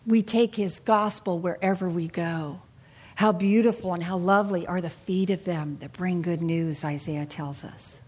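A woman's voice: fairly low pitch, moderate pace, a little mellow, slightly rough. A middle-aged woman teaching the Bible to a small group in an earnest, confiding way, often asking her listeners questions.

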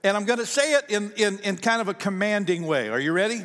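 A male pastor preaching a sermon in an animated, conversational way, asking the congregation questions. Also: high-pitched, quick pace, big-room sound. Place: church.

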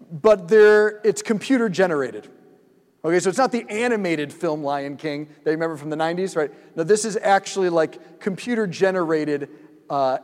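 A man's voice: on the high side, in a large hall. A man giving a sermon, telling stories and acting out his own thoughts. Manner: animated storyteller who acts out his own thoughts. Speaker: speaker at a multi-night church event. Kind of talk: sermon with storytelling.

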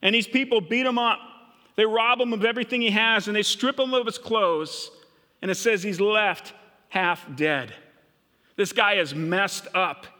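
A man's voice: high voice, unhurried, bright, forceful tone, long reverb tail. A middle-aged man from Minnesota preaching a sermon, retelling a story and voicing the characters' thoughts. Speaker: pastor.

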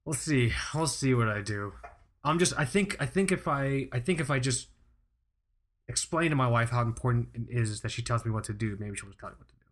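A man's voice: medium pitch, a little fast, fairly bright tone. Laid-back, swearing male podcast host. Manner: loose, profane, laughing banter. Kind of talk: casual chat.

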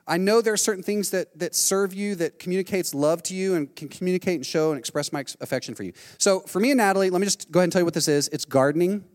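A middle-aged man preaching a sermon, telling a lively story and acting out what people said. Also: high-pitched, quick pace, hardly any pauses. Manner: animated storytelling, acting out quotes. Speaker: pastor. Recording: long hall reverb.

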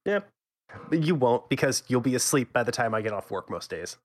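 A man chatting with friends on a gaming podcast. His voice is mid-pitched, and his delivery is dry and teasing, with casual swearing. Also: expressive, a little fast. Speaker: podcast co-host.

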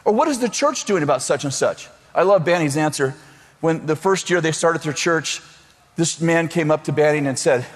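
A man's voice: fairly high pitch, animated, moderate pace, long reverb tail. A man preaching a sermon, telling comic stories and acting out the voices of the people in them. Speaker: pastor.

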